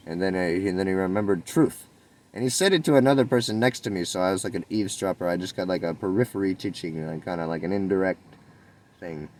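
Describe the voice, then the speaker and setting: A man's voice: low-pitched, fast, darkish tone, rough recording. A man giving a rambling, spontaneous spiritual monologue, musing and meandering, with sudden lifts in his voice. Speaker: spiritual vlogger.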